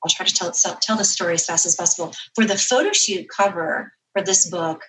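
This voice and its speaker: A woman author, a guest on a podcast, telling a story in casual, animated chat and correcting herself as she goes. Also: fairly low pitch, low-quality recording. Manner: animated storyteller, quick asides and self-corrections.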